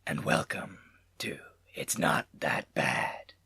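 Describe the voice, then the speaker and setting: A man putting on the voice of a creepy, whispering horror-story narrator, drawing every word out slowly. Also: expressive, sharp tone, no echo, studio quality, heavily acted. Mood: spooky. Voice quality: gravelly low whisper. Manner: slow, drawn-out spooky delivery. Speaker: podcast co-host.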